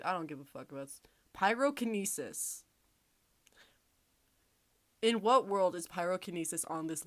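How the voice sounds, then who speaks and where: A woman's voice: deep voice, fairly bright tone, dry recording. A woman hosting a casual podcast, reading quiz questions aloud with sarcastic, swear-filled asides and frequent laughter. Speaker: podcast host.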